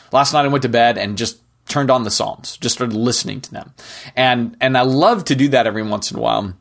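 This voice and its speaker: A middle-aged podcast host with a mid-range, fairly bright voice and a breathy edge delivers a casual Christian teaching monologue. He speaks earnestly and conversationally, often wrapping up his points with "right?".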